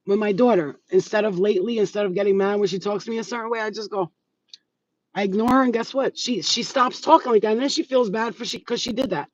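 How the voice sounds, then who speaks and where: A woman's voice: medium pitch, fast, a little mellow. A middle-aged woman talking straight to her viewers as a spiritual healer, giving blunt, profane, streetwise advice in a casual monologue. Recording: dull lo-fi sound.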